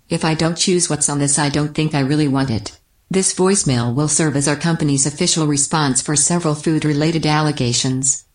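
A woman voicing a deadpan corporate voicemail greeting in a comedy bit. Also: deep voice, close to an everyday voice.

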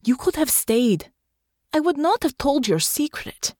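A woman's voice: high-pitched, big pitch swings, a little slow, a little mellow, dry recording, studio quality, voice pushed up. A woman reading a story aloud, voicing a fierce young woman soldier who speaks formally, without contractions, and pleads through grief. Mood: pleading.

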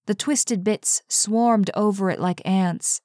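A woman narrating a suspenseful story in a steady, measured way. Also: medium pitch, dry recording, studio quality. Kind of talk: audiobook narration.

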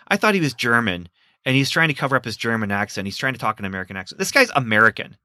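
A man co-hosting a casual movie review chat, animated and laughing often as he talks. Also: medium pitch, rapid-fire. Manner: animated, laughs often, acts out quoted lines. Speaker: podcast co-host.

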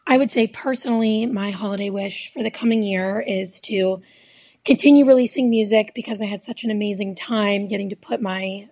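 A raspy-voiced young woman, a musician answering interview questions in an earnest, upbeat way. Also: medium pitch, fairly quick, darkish tone. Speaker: musician guest.

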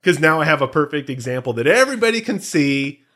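A man's voice: fairly high pitch, big pitch swings, quick pace, a bit bright. A man co-hosting a podcast in casual chat, rambling and self-deprecating. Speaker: podcast co-host.

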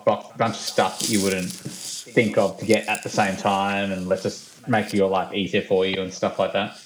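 A man talks in an easygoing way in a lowish voice. He fills his sentences with likes. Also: little pitch movement, normal speed, low-quality recording. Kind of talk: casual chat.

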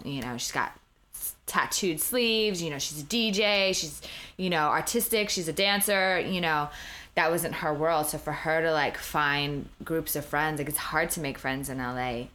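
A middle-aged woman with a New York accent and a low voice, chatting as a podcast guest. She tells her stories bluntly and animatedly, swearing freely as she goes. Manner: blunt, profane, animated storyteller. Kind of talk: casual interview chat.

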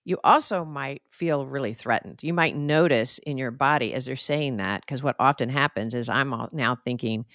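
A woman's voice: rumbling low, moderate pace, hardly any pauses, a bit bright, no room sound, studio quality. A woman therapist co-hosting a podcast, explaining in an earnest, reflective, conversational way. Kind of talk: casual conversational advice.

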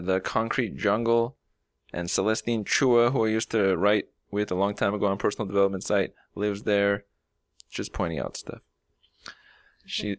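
A man's voice: fairly low pitch, no echo, studio quality. A man hosting a podcast, chatting casually and making joking, rambling asides. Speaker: podcast host.

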